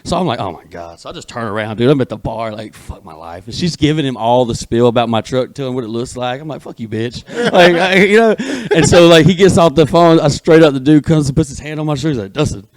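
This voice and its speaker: A man, a comedian guest on a podcast, telling a story with animated energy and laughing through it. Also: medium pitch, fast, few pauses, no echo. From Alabama.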